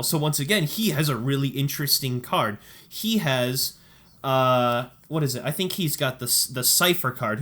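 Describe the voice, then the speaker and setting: A man co-hosting a podcast in casual chat, telling a story with excitement and frequent laughter. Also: medium pitch. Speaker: podcast co-host.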